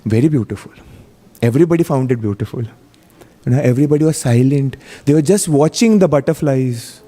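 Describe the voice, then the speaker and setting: A man's voice: mid-range voice, lively intonation, fairly quick, warm tone. A man giving a storytelling sermon at a temple, chatty and full of "you know", often putting questions to his audience. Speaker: guest speaker at a temple feast class. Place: temple hall. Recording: long hall reverb.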